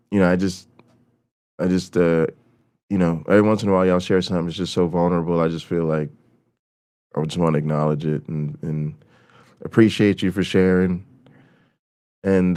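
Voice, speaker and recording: A man hosting a livestream, talking in an earnest, halting way with many fillers. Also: deep voice, a little mellow, smooth. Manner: hesitant, lots of fillers, earnest. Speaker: stream host. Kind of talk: casual livestream discussion.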